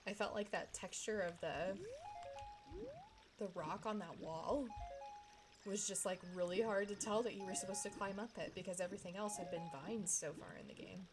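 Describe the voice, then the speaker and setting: A woman's voice: medium pitch, fairly even intonation, normal speed. Woman chatting to her stream, from texas, game music under her. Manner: chatty, talks to chat while playing. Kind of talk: casual gaming stream chat. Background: video game music.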